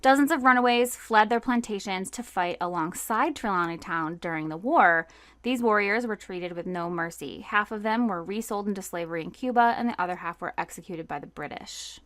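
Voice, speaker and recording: A woman's voice: medium pitch, a little fast, fairly bright tone, no echo. A woman co-hosting a history podcast, reading from notes in a casual way with fillers and asides. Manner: casual, reads notes then riffs with fillers. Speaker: podcast co-host. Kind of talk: conversational history podcast narration.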